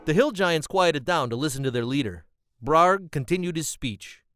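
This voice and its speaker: A man's voice: a little high, normal speed, dry recording, low-quality recording. Man narrating a fantasy tale. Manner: plain, steady narration. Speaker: storyteller. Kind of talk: amateur fantasy storytelling.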